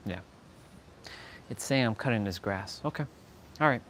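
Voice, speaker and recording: A man's voice: on the low side, expressive, normal speed, a bit bright, slight background noise. Playful rambling Southern American man. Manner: playful, rambling, talks to chat, laughs often. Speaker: live streamer. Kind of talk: casual live stream chat.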